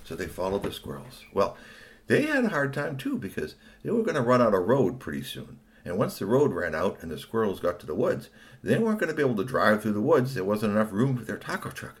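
Animated man telling a kids' story. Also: fairly low pitch, brisk. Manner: animated and playful, chuckling. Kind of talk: improvised children's story narration.

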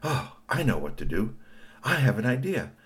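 A man voicing an excited, bossy woman in a children's story who talks insistently. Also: mid-range voice, moderate pace, voice pushed up, natural voice. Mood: urgent. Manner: insistent and gushing.

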